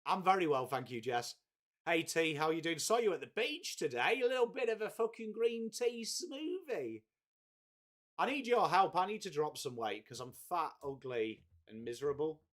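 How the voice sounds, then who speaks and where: Sweary stream host. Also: male voice, fairly high pitch, very animated, moderate pace, a bit bright. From England. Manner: chatty, swears freely, greets viewers by name. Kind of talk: casual live watchalong chat.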